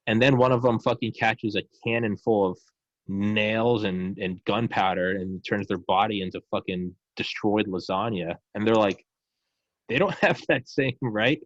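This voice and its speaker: A man in casual podcast chat, ranting in a profane, animated way and slipping into mocking voices. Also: fairly low pitch, measured pace, dry recording, muffled recording.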